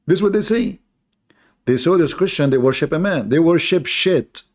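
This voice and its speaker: A man's voice: fairly high pitch, animated, moderate pace, darkish tone. A man hosting a live online debate and talking in a sarcastic, mocking way, often laughing at his own points. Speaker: live debate show host.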